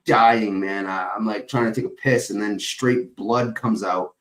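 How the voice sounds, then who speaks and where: A young man talks casually to his stream viewers in a fairly low voice. He rambles from one story to the next, swearing freely and circling back on himself. The talk is loose and unscripted. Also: steady tone, unhurried, a bit bright, rough recording. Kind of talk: casual chat.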